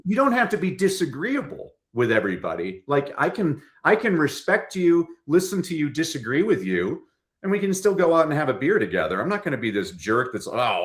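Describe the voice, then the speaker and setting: A middle-aged man, a storytelling coach, talking as a guest on a podcast and acting out quoted lines in different voices. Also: a little high. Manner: animated, acts out quotes in voices. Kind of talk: lively podcast conversation.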